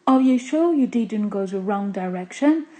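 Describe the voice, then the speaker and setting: A woman's voice: mid-range voice, lively intonation, moderate pace, warm tone, faint music behind, close to an everyday voice. A woman voicing a timid little frog who hesitates and doubts everything. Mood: doubtful. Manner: hesitant, questioning.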